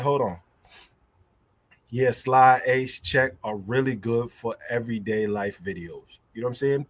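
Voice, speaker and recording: A man's voice: medium pitch, a bit bright, no echo. A young adult man, hosting a casual livestream and ranting in a heated, profane way that keeps repeating itself. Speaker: livestream host.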